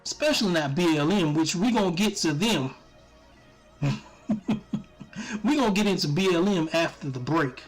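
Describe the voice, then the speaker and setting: A man giving casual, profane commentary on his stream, animated and often breaking into laughter. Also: a little high, normal speed, long pauses, soft background music.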